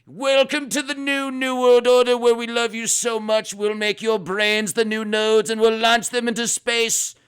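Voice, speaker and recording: A man's voice: monotone, measured pace, hardly any pauses, fairly bright tone, smooth. A man voicing a female android robot that theatrically threatens to wipe out humanity. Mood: menacing. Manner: shrill, theatrical villain voice.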